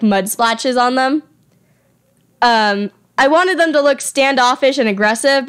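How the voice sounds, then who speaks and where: A woman's voice: a little high, a bit bright, clean tone. A young woman talking casually over her drawing at home, chatty and self-deprecating, sometimes tripping over her words. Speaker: artist presenting her fan creature designs.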